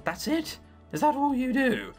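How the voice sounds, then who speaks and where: A man voicing a blunt, easily flustered young girl in a high put-on voice while reading a visual novel aloud. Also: huge pitch swings, normal speed, soft background music, exaggerated voice. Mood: curt, flustered. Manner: curt, dismissive.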